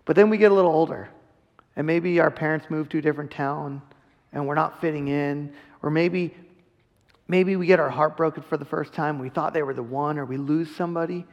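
A man's voice: on the high side, steady tone, a little fast, lo-fi sound. Earnest man preaching in an echoing hall. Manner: casual, earnest preaching with quoted asides. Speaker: pastor. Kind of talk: sermon. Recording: long reverb of a large hall.

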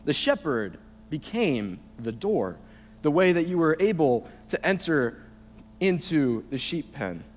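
A young man giving a short sermon, reading scripture slowly and then explaining it in a halting, casual way. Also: on the high side, big pitch swings, slight background noise. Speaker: youth speaker. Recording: long reverb of a large hall.

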